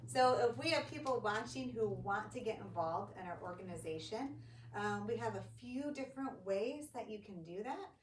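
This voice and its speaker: A woman's voice: medium pitch, normal speed. A woman guest and ministry director, telling a story in casual talk and acting out what others said. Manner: animated storyteller acting out quoted voices. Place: church studio or room. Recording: echoey room, distant mic, faint hiss.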